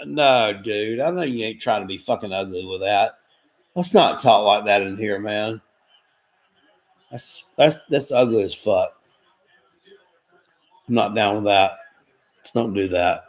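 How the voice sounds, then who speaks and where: A man's voice: fairly low pitch, measured pace, pauses often, soft background music. A man hosting a live watchalong from home, reading out chat comments in a rambling, folksy and profane way. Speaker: livestream watchalong host.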